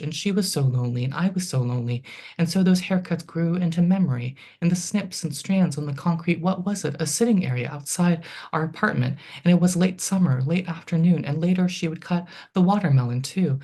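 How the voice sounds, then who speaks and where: Poet reading aloud with halting asides. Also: mid-range voice, warm tone. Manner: reads lines in a halting, list-like rhythm; chatty asides between poems with many ums. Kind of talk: poetry reading.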